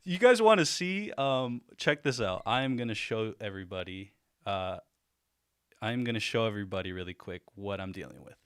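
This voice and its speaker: A man hosting a casual livestream, excited and rambling, laughing often between thoughts. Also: lowish voice, moderate pace, smooth. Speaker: livestream host.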